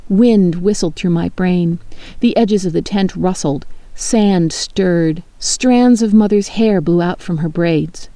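A woman reading a story aloud in the first person, in a measured, expressive way. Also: lowish voice, dry recording. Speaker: narrator.

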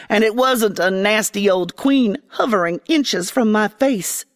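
A woman narrating a first-person fantasy story in an expressive, dramatic way. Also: a little high, a little slow, long reverb tail. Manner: expressive, dramatic, voicing a young girl.

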